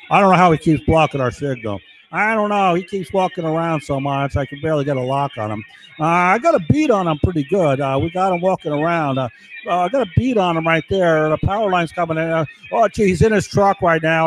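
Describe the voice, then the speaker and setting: A man's voice: fairly high pitch, brisk, slight background noise, close to an everyday voice, rough recording. A man imitating a male surveillance operator reporting over a radio channel in terse chatter. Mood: clipped radio chatter.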